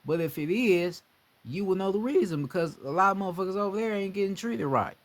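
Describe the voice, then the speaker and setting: Brief: young man, slightly high voice, casual profane rant, animated delivery. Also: a little fast. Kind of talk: casual monologue.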